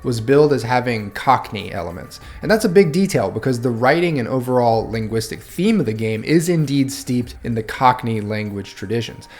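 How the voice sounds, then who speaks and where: Man narrating a tabletop game review. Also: mid-range voice. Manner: reads rulebook passages aloud, tries out Cockney sounds.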